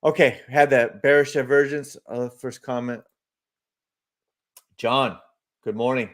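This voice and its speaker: A man's voice: mid-range voice, steady tone, a little slow. A man hosting a live market stream, speculating loosely about charts and answering viewers' comments with many fillers. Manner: chatty, reads viewer comments aloud and answers them. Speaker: livestream market analyst host.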